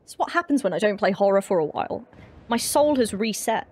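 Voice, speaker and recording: A woman streaming a horror game, chatting excitably with her viewers and swearing freely. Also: mid-range voice, a little fast, very noisy.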